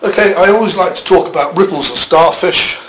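A man's voice: high-pitched, a little fast, fairly bright tone, a little hiss or hum, rough recording. A man preaching a sermon in a church, conversational, with self-deprecating asides.

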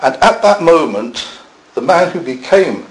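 A man's voice: fairly high pitch, very animated, measured pace, rough recording. A man preaching a sermon in a church, conversational, with self-deprecating asides.

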